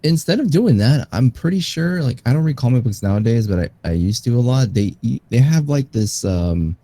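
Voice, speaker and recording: A man's voice: medium pitch, expressive, moderate pace, mellow, dry recording. A man in casual chat on a gaming podcast, hesitant and searching for words.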